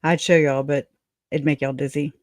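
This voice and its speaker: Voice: mid-range voice, flat delivery, moderate pace, dry recording, clean studio sound. A live stream host chatting casually with viewers and laughing while searching for a clip.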